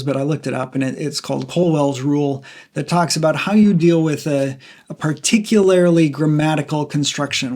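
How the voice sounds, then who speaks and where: A man's voice: on the high side, darkish tone. A man hosting a Bible study podcast, teaching in a casual, conversational way with frequent fillers and restarts.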